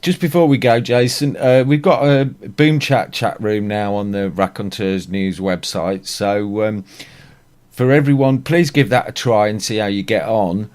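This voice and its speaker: Man, low voice, easygoing, self-deprecating, casual podcast chat. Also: unhurried, darkish tone. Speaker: podcast co-host and producer.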